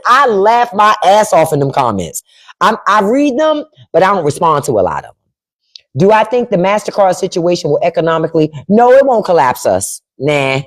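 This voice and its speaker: A woman's voice: on the low side, very animated, brisk. A middle-aged woman hosting a casual livestream from home into a microphone, acting out quoted voices as she talks. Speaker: livestream host.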